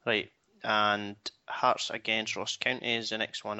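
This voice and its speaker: A Scottish man hosting a casual football podcast, leading the segment in a brisk, matter-of-fact way. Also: fairly low pitch, flat delivery, bright, forceful tone, smooth. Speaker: podcast host. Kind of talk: casual chat. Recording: dull lo-fi podcast audio.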